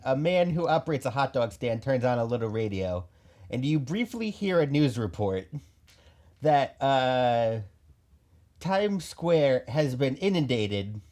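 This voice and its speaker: A man's voice: on the high side, a little mellow. A man running a tabletop game as game master, narrating in a dry, matter-of-fact way.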